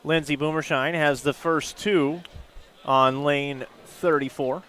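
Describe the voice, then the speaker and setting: A man's voice: a little high, steady tone, takes it slowly, fairly bright tone. A man doing live bowling play-by-play from a booth, chatty and prone to rambling anecdotes. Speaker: lead bowling commentator. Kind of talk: live sports commentary. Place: commentary booth at a bowling center.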